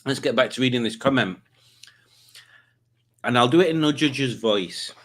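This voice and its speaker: A man's voice: mid-range voice, animated, moderate pace, fairly bright tone. Jokey man hosting a stream. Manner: rambling, self-mocking, jokey. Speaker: quiz stream host. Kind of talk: casual livestream chat.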